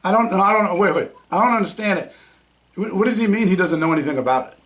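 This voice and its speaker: Brief: male radio host with a high-pitched voice, casual and excitable. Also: quick pace. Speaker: talk show host.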